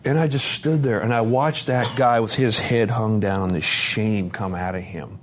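A middle-aged man telling his own story at a recovery conference, candid and self-deprecating, swearing freely and dropping low and quiet on heavy points. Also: fairly even intonation, unhurried, background noise. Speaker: recovery meeting speaker. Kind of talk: personal testimony talk. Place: conference meeting room with live audience.

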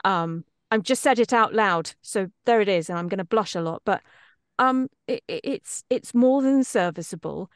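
A woman's voice: medium pitch, normal speed, smooth, dry recording, studio quality. A middle-aged woman, chatting as an interview guest in a rambling, self-deprecating way, with many restarts. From Britain. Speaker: voice actress guest. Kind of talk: casual interview chat.

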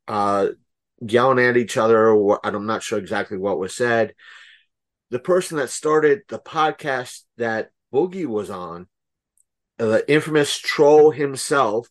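Podcast co-host, male, mid pitch, slow unhurried delivery, rambling with many fillers, blunt and profane. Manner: rambling, heavy with fillers and restarts; blunt, swears freely. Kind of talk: casual chat.

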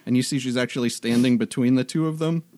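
A game master narrating a tabletop game in a relaxed, descriptive way. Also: mid-range voice, fast, no echo.

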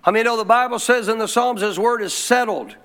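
A man's voice: sits high, fast talker, fairly bright tone. A man preaching a sermon as pastor, quoting scripture and calling for responses from the congregation.

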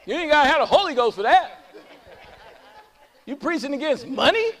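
A man preaching a sermon as pastor to his church, calling out to the congregation and swinging between loud high calls and low quiet talk. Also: big pitch swings, a little fast, pauses often, long reverb tail. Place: church sanctuary.

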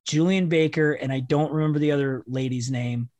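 A man's voice: fairly high pitch, fairly even intonation, a little fast, a little mellow, no room sound. A man hosting a podcast who chats casually, swears freely and tells rambling anecdotes about his kids. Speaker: podcast host.

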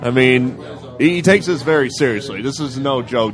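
A man with a mid-range voice, joking through casual commentary at an outdoor event. He slips into a mock sportscaster hush for fun. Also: mid-range voice, lively intonation, normal speed, music in the background. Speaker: podcast co-host. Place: outdoors at a hot dog eating contest.

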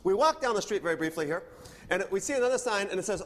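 A man preaching a sermon, telling a personal story in an animated way and acting out the dialogue. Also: high voice, fast talker, long reverb tail. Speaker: pastor.

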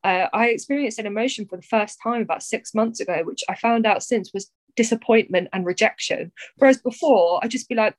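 Animated young woman, dry sound. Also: a little high, a little fast, hardly any pauses, dry recording, low-quality recording. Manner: animated, swearing freely, frequent fillers. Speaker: podcast guest, poet. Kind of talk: candid conversational chat.

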